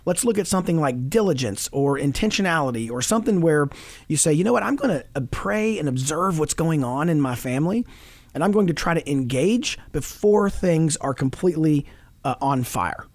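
A man's voice: on the high side, moderate pace, no room sound. A middle-aged man on a Christian talk show, speaking earnestly about fatherhood, quoting scripture and laughing often. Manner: animated, preachy, quotes scripture, laughs often.

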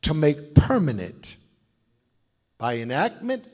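A preacher with a husky voice pitched high for a man. He speaks slowly, his pitch leaping up and down. He calls out to the congregation, then drops to a hush. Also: sing-song. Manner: preaching with call-and-response to the congregation; swings between shouts and hushed asides. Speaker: pastor. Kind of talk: sermon.

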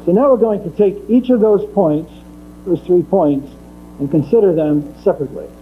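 A man's voice: high voice, normal speed. A man giving a methodical theology lecture, repeating his key points for emphasis. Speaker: Catholic lecturer. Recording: tinny phone-like recording with mains hum.

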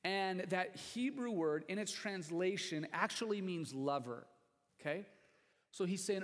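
A male pastor with a high, animated, fairly bright voice preaches conversationally at a measured pace, joking and addressing the congregation directly. The sound carries the space of a large church sanctuary.

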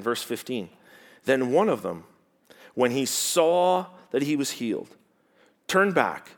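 A man preaching a sermon as pastor, animated and teacherly, asking the congregation rhetorical questions and dropping from loud emphasis to quiet stresses. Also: medium pitch.

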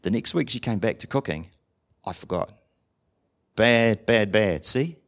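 A man's voice: lowish voice, lively intonation, a little slow, vocal fry, fairly bright tone. A man preaching a sermon in a conversational way, asking the congregation questions and acting out short dialogues. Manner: acts out short dialogues in different voices. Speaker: pastor.

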